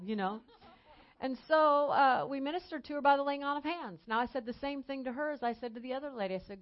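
A woman evangelist preaches with emphasis, slowing down and lifting her voice on key lines. Her voice sits fairly high. The recording is dull and lo-fi. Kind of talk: sermon. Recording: dull lo-fi sound.

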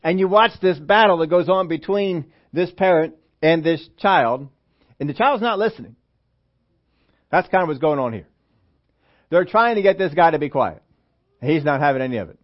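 A man preaching a sermon in a church, animated, acting out quotes and asking the congregation questions. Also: high-pitched, normal speed, pauses often. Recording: dull lo-fi sermon recording.

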